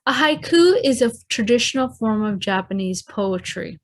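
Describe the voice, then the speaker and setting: A woman teacher giving a recorded lesson to children, explaining clearly and addressing them directly. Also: a little high, lively intonation, moderate pace.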